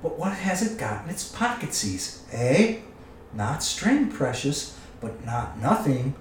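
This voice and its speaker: A man's voice: medium pitch, very animated, slow, distant mic. A man voicing a slimy, wretched cave creature that hisses, whines and calls itself precious. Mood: hissing, wheedling. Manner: hissing, whiny, talks to himself as "precious". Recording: echoey room, away from the mic.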